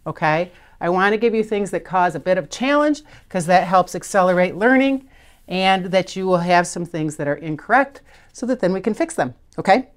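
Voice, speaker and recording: A patient, encouraging woman leads a video spelling lesson. Her voice sits a little low. She slows down to sound out letters one by one. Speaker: literacy teacher.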